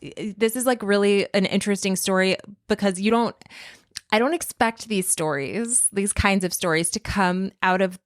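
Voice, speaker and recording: A woman's voice: medium pitch, moderate pace, no echo, clean studio sound. A woman co-hosting a podcast in casual chat, talking with lots of fillers and restarts. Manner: chatty, many fillers and restarts. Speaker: podcast co-host and producer.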